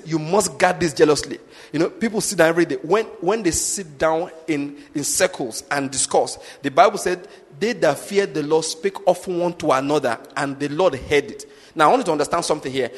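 A man's voice: sits high, big-room sound. A man preaching a sermon in an emphatic way, often asking his listeners whether they follow his point. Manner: emphatic, repeats rhetorical questions to the congregation.

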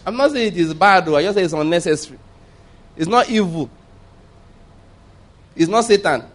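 A man's voice: high-pitched, expressive, moderate pace. A man preaching a sermon, emphatic and repeating his points, asking the congregation rhetorical questions. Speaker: pastor.

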